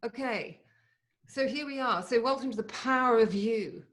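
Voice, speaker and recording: A woman in her forties giving a motivational talk over a video call, eager and chatty, speaking in quick bursts. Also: fairly high pitch, fairly bright tone. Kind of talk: live online motivational talk.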